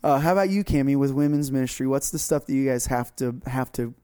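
A man hosting a casual chat, asking questions in a relaxed, laid-back way. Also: mid-range voice, quick pace, clear, resonant tone. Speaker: podcast host.

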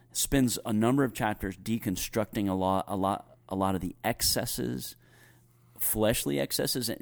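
A man from North Carolina with a softened Southern accent, a pastor chatting thoughtfully and often restarting his sentences. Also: on the low side, creaky. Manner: thoughtful, restarts often, chuckles while telling stories. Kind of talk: conversational podcast chat.

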